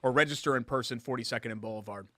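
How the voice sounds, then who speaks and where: A man's voice: mid-range voice, racing, sharp tone, dry recording, clean studio sound. A man co-hosting a sports talk show, chatting casually and rising sharply when he argues a point.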